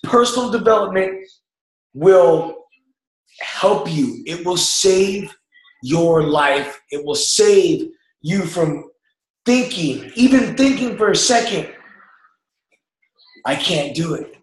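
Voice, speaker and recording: This motivational speaker's voice sits high, with lively intonation and a slow delivery. Recorded in an echoey room, he urges a group with real emphasis to drop their doubts.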